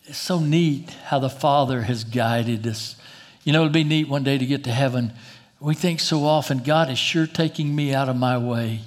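Preaching from the pulpit, this middle-aged man swells to a loud, high pitch, then eases into a slow, quiet delivery for emphasis.

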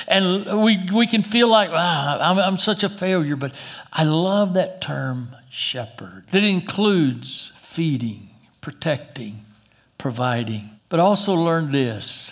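A middle-aged pastor delivers a sermon, his voice climbing loud and high before falling soft and slow to drive a point home.

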